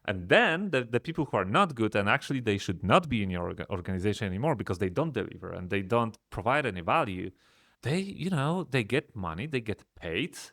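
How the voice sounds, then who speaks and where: A man from Poland, a software company founder, talking through business lessons in a thoughtful, hesitant way, often restarting his sentences. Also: lowish voice, expressive, fairly quick, no echo, studio quality. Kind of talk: casual business chat.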